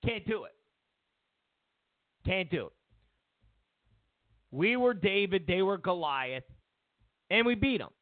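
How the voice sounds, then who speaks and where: Sarcastic talk host on a tinny line. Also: male voice, sits high, very animated, slow, pauses often, no room sound. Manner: sarcastic, mocks media with exaggerated quotes; repeats himself for emphasis. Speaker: political talk show host. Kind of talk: opinionated political commentary. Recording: tinny phone-like, dry sound.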